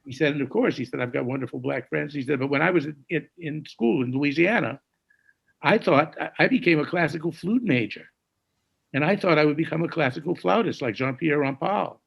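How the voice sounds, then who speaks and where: A man in his sixties telling stories as a jazz musician in an interview, dropping to a hush when he quotes others and scatting tunes now and then. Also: a little high, fairly quick, muffled recording. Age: 60s. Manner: gravelly, hushed when quoting others, scats melodies. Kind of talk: conversational storytelling.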